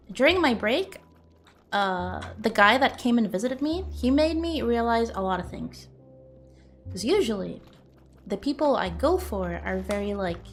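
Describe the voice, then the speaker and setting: Young woman, casual streamer chat, rambling and teasing, gravelly fry, faint music behind. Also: mid-range voice. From Greece.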